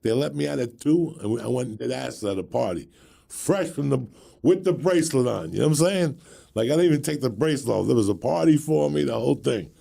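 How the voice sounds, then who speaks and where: A man in his sixties tells a rambling, profane story on a podcast. His voice is gravelly and husky with a dark, mellow tone. He drops swear words freely and chuckles between the lines. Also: medium pitch, quick pace. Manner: profane, animated, laughs through his stories.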